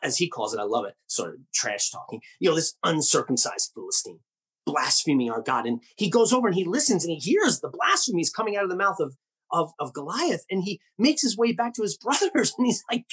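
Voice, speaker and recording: A male pastor delivers a sermon with a husky, slightly breathy voice. His pitch swings widely as he tells the story with animation and asks the listeners pointed rhetorical questions. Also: sing-song, fairly quick, a bit bright.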